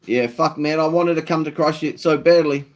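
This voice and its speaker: A man's voice: a little high, moderate pace. A man with a New Zealand accent hosting a casual live stream, laid-back, swearing freely and answering viewer comments.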